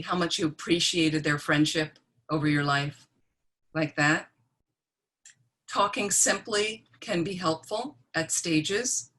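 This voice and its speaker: A woman's voice: sits low, a bit bright. A woman, a Buddhist nun, giving a plain-spoken teaching talk on death and dying, often checking in with her listeners.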